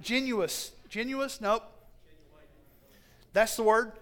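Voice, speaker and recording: A man preaching a sermon to a congregation, slow and emphatic, often asking them questions and correcting himself as he goes. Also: very high-pitched, fairly even intonation, fairly bright tone.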